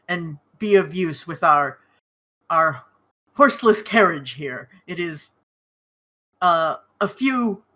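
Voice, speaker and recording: A woman playing an eager alchemist adventurer in a tabletop game. Her voice is husky and her speech halting and stiffly formal. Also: on the low side, a bit bright, heavily acted.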